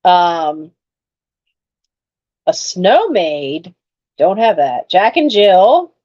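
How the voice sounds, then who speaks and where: A chatty woman talks through her finds as she unboxes them, her voice rising and falling in lively swings. She speaks slowly and unhurriedly, and the sound is dull and lo-fi. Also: on the low side. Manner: chatty, exclaims over finds. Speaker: online reseller hosting a live sale. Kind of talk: casual chat while unboxing.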